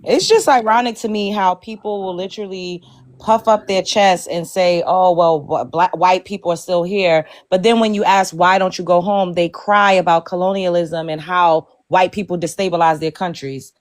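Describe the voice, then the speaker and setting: A woman's voice: lowish voice, steady tone, normal speed, dry recording. A woman hosting a heated panel talk, blunt and profane, hammering her points home.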